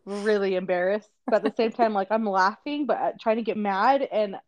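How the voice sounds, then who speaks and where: A woman co-hosting a parenting podcast, telling a lively story in casual chat, acting out quotes and laughing often. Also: medium pitch, brisk, dull audio. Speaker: podcast co-host, mother.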